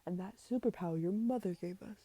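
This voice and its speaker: A woman voicing a stern male pirate captain in a hushed whispered role-play. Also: fairly low pitch, quick pace, no echo, natural voice.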